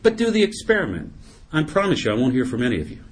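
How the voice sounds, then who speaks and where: Middle-aged guy giving his testimony at a meeting, jokey and animated, pitch going all over the place. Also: fast. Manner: humorous, animated storyteller. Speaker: recovery meeting speaker. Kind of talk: personal testimony talk.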